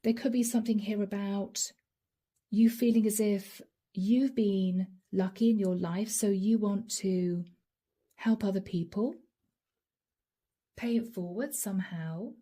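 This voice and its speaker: Tarot reader, woman, mellow husky voice, earnest and emotional, slips into whispers. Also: mid-range voice, fairly even intonation, unhurried, long pauses. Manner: earnest, emotional, addresses viewers directly; drops to soft whispers. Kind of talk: channeled tarot reading.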